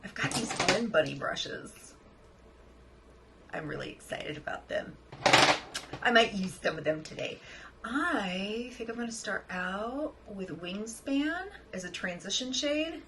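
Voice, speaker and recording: A woman chatting excitedly through a makeup tutorial, often dropping to a soft murmur as she works. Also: mid-range voice, unhurried, noisy background. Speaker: makeup vlogger. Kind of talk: casual makeup tutorial chat.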